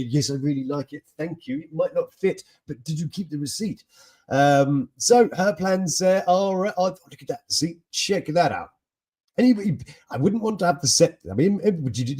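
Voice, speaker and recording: Husky, animated host. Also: male voice, fairly high pitch. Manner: chatty, jokey, laughing asides. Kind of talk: casual news chat.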